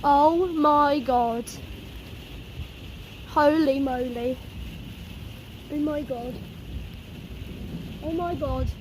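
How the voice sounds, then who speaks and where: A woman filming a thunderstorm outdoors for her vlog, gasping and crying out excitedly to viewers as rain and thunder sound around her. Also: high voice, drawn-out words, pauses often. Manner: excitable, gasping exclamations, repeated "oh my God". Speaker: storm-chasing vlogger. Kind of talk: live storm vlog, talking to viewers. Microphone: handheld or propped camera. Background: rain, wind and thunder.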